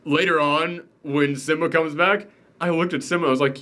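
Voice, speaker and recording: A man's voice: fairly high pitch, fairly even intonation, fairly quick, pushed and bright. A man hosting a casual movie review chat, joking and emphatic as he rants. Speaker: show host.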